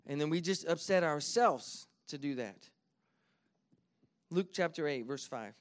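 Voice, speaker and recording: Earnest male pastor, thirties, preaching a sermon; slightly high voice, swings between soft storytelling and emphatic exhortation. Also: expressive. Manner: earnest, builds from quiet to emphatic; reads scripture slowly and deliberately.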